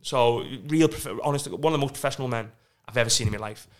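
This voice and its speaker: A man with a Northern English accent telling stories in casual podcast chat, excitable and laughing often. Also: medium pitch, quick pace. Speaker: podcast guest.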